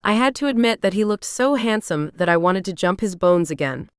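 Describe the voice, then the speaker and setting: Smooth woman narrating a romance audiobook. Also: medium pitch, lively intonation, a little fast, dry recording, studio quality.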